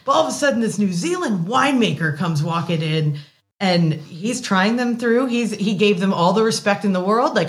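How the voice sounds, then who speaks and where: A woman in her late thirties telling a work story as an interview guest, animated with quick asides and laughs. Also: mid-range voice. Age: late 30s. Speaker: wine sales guest. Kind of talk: casual storytelling.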